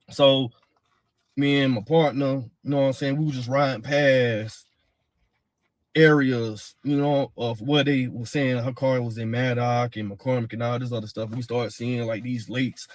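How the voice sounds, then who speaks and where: A man's voice: medium pitch, fairly even intonation, moderate pace, no echo. A man telling his own account in a blunt, heated way, swearing and repeating himself. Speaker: father of a missing woman's child. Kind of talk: casual first-person account.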